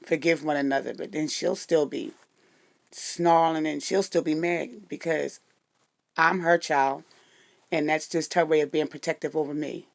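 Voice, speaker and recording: Gravel-voiced woman with a husky morning voice. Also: low voice, steady tone, a little slow, no echo. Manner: stumbles over words now and then; frank and direct. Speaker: vlogger giving relationship advice. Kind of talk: casual advice talk to viewers.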